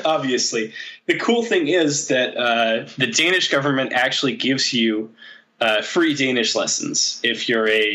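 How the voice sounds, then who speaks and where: Bright-voiced man, casual rambling chat. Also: mid-range voice. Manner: rambling, many fillers and restarts, laughs often.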